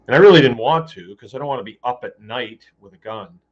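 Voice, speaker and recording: A podcast host with a medium-pitched, quick voice delivers a casual storytelling monologue, rambling with many fillers and restarts while acting out quoted dialogue, all in dull lo-fi sound.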